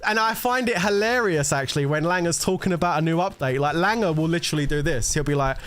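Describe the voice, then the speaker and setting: Man ranting, a bit high. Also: lively intonation, fast, hardly any pauses, a bit bright, clear, resonant tone. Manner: swearing, rambling, laughing. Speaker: gaming content creator. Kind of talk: casual streamer rant.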